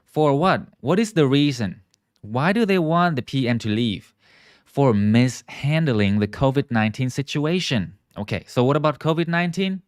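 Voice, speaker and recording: A man teaching English in a live online lesson, explaining words slowly, stretching key terms and often checking in with viewers. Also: mid-range voice, lively intonation, no echo, clean studio sound. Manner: models pronunciation and asks viewers to repeat.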